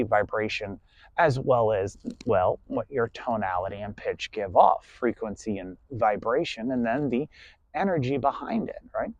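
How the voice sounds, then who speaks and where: A man's voice: mid-range voice, vocal fry, darkish tone, no room sound, dull audio. A man lecturing a class in a blunt, preachy way, swearing freely and tagging points with "right?". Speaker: class instructor. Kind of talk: lecturing monologue.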